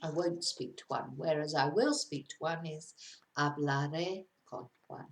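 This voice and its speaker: A woman's voice: low voice, unhurried. A woman teaching a casual video lesson, chatty and encouraging, now and then laughing at herself. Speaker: Spanish teacher. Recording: roomy echo.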